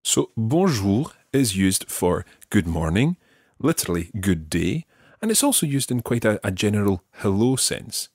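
Scottish male teacher, low husky voice, patient and deliberate, dry close studio sound. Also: very animated, darkish tone, no echo. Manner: patient, slow, careful modelling of pronunciation. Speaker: French teacher. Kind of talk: podcast language lesson.

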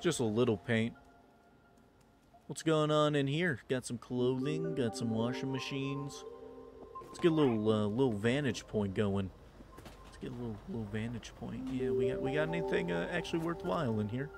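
A man in a mid-range voice, joking and talking slang as he plays a game. His commentary is loose and playful. Game music runs clearly behind him. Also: mid-range voice, normal speed. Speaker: gameplay commentator. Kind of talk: casual gameplay commentary.

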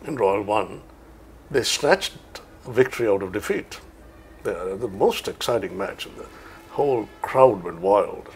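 Gravelly older Sri man. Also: fairly low pitch, expressive, unhurried, slight background noise. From Sri Lanka. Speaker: veteran cricket commentator. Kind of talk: reminiscing interview talk.

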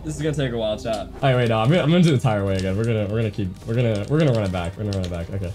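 A young man giving excited gameplay commentary, swinging from muttering to yelling. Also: on the low side, very fast. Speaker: gaming streamer.

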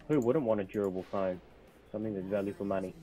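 A man's voice: on the low side, fast, warm tone, soft background music, poor audio. A man hosting a casual gaming livestream, upbeat and fond of dad jokes. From Australia. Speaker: livestream host.

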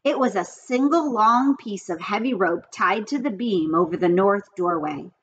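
Lively woman reading a children's book aloud. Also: mid-range voice, moderate pace, muffled recording, slight background noise. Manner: lively, expressive reading with character voices. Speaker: read-aloud storyteller.

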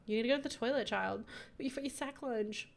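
A young woman with a croaky voice giving bubbly, giggly casual commentary on her life-sim gameplay. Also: on the high side, fast. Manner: bubbly and giggly, gushing over her characters. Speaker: gaming YouTuber.

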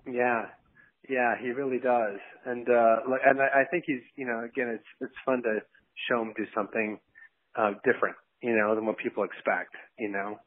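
A man's voice: mid-range voice, level tone, normal speed. A male film director as a guest in a casual interview, rambling, laughing often and acting out quotes. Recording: dry, tinny phone-like audio.

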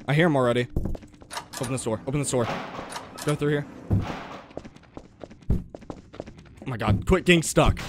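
In this let's-play commentary, a young streamer tackles a horror game, bursting into panicky yelps and laughing a lot as he addresses chat. His voice is medium in pitch with a fairly bright tone, and there is slight background noise.

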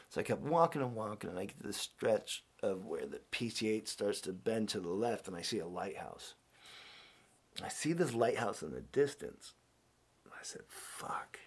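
Gravelly, husky man telling a rambling story. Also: medium pitch. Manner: rambling and animated, with many restarts and quoted voices. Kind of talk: casual storytelling.

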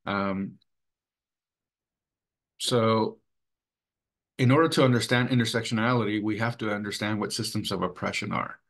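A man presenting a training webinar in an earnest, measured way, with many fillers. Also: lowish voice, fairly bright tone. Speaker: webinar presenter for a sexual assault coalition.

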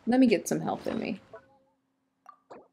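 A tired woman with a hoarse voice, chatting casually and exclaiming to herself as she plays a video game. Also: medium pitch, animated, moderate pace, dark tone. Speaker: gaming YouTuber. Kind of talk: casual gameplay commentary.

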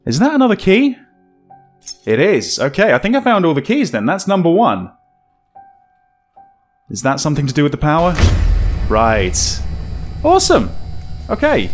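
A man's voice: on the high side, sing-song, normal speed, pauses often. A man commentating his horror game playthrough, talking to himself, startling and laughing nervously as he goes. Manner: jumpy, laughing, talks to himself. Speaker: gameplay commentator. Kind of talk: let's play commentary. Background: game music.

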